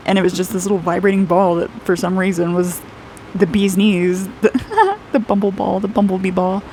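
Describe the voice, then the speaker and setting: A mid-range, dark-toned woman's voice at a moderate pace, with slight background noise. She's in her twenties, an aura reader and artist giving a casual intuitive reading while drawing, chatty and rambling, laughing lots and often saying "like."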